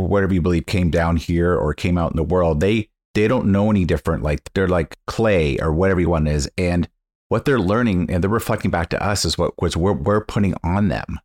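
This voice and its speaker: A man co-hosting a podcast, speaking in a reflective, candid way with halting restarts. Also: deep voice. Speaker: podcast co-host. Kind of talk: casual podcast chat.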